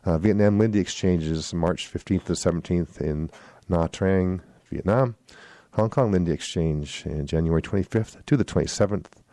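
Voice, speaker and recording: A mellow, low-voiced man reads event listings on a swing radio show at normal speed, barely pausing. His casual announcements wander a bit, and he catches and corrects his own slips. No room sound is audible.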